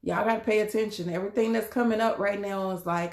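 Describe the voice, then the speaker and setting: A woman's voice: mid-range voice, steady tone, fast, few pauses, reverberant. A woman doing a casual live tarot reading, chatty and laughing often, calling her viewers y'all and beloved. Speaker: tarot card reader.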